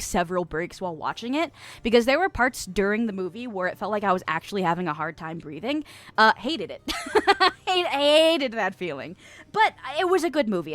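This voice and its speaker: A woman streaming live, chatting casually and reading viewer comments with a soft voice and a lot of giggling. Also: mid-range voice, no room sound. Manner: giggly, playful, frequent laughter; soft-spoken.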